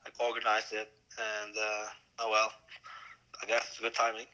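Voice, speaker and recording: Brief: hoarse young man, coughing, halting, bright voice, low-pitched, phoned in. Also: monotone, low-quality recording. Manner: halting, many fillers and restarts. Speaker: podcast guest, world champion. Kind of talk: casual chat. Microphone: phone call.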